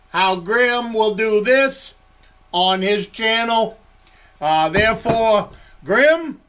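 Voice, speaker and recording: An older Maine woodsman tells rambling campfire-style stories in a folksy, chuckling way. His voice is high for a man and his pace is slow and drawn out, with a thick Maine accent. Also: bright, forceful tone. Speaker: woodsman vlogger. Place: log cabin.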